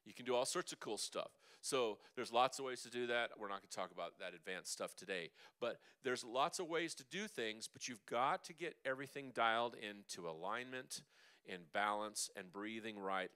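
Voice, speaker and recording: A man teaching a vocal seminar as a coach, lively and chatty, demonstrating sounds with his own voice. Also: on the low side, clear, resonant tone. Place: church hall.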